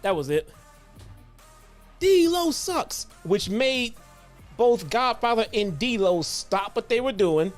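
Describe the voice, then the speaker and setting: A man's voice: sits high, unhurried, soft background music. Casual, profane male show host. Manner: casual, profane, animated storytelling. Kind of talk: casual retro wrestling review.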